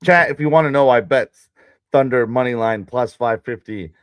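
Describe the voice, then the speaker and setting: A man's voice: medium pitch, normal speed, clear, resonant tone, no echo. A man as co-host on a live betting stream, bantering casually and mocking himself.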